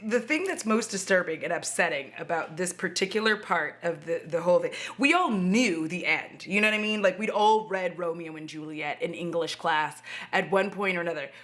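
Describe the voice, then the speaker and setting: A woman's voice: lowish voice, normal speed, hardly any pauses, a bit bright. A woman vlogging at home, chatting expressively while doing her makeup and swearing freely. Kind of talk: casual chat to camera.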